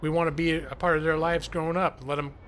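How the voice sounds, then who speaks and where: Chatty man streaming a game, slightly high voice. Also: level tone, fast talker, a bit bright, slight background noise. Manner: chatty, joking, self-deprecating. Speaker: gaming streamer. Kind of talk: live gameplay commentary.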